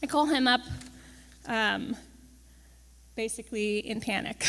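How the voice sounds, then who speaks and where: Higher-voiced woman presenting in a reverberant hall. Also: normal speed, long pauses, a bit bright. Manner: chatty and wry, with frequent ums and tag questions. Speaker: campus farm manager giving a presentation. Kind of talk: conversational presentation to an audience. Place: large event hall. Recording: long reverb of a large event hall.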